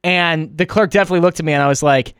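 A man hosting a sports talk radio show, bantering fast and teasing his co-host. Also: on the high side, fairly bright tone, clean tone, no room sound. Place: radio studio.

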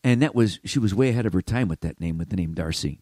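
An older man talks on his own show in a loose, rambling monologue, often stopping and restarting. His voice swoops up and down with lively energy. The sound is dry and close. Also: deep voice, fast talker, dry recording. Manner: animated, self-interrupting storyteller. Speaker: podcast host.

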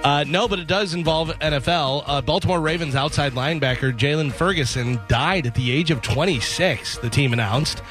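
A man's voice: on the high side, a little fast, few pauses, fairly bright tone, faint music behind. Man reading sports news on radio.

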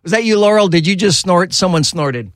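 A man hosting a talk radio show, chatting casually and getting animated and exasperated, his voice jumping high when riled up. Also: fairly quick, no echo. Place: radio studio.

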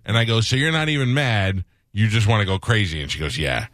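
A middle-aged man hosting a radio show, telling a story with animated quoted voices in casual banter. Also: on the low side, a little fast, no echo, clean studio sound.

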